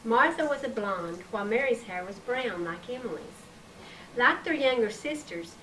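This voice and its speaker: A woman reading her own story aloud in a measured, expressive way, recorded on an old tape. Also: on the high side. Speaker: author reading her book. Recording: distant mic, faint hiss, 1990s tape.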